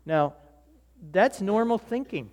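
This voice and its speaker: A man's voice: high voice, expressive, slow pace. A man preaching a sermon as a pastor, telling stories casually, acting out voices and often restarting his sentences. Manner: conversational storytelling, acts out voices, many restarts. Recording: long hall reverb.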